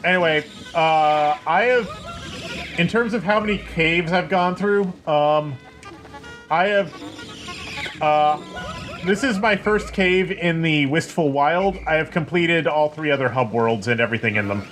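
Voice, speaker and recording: A man's voice: a little high, measured pace. A man giving let's-play commentary in a profane, joking, rambling way, with game music playing behind him. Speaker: gameplay commentator.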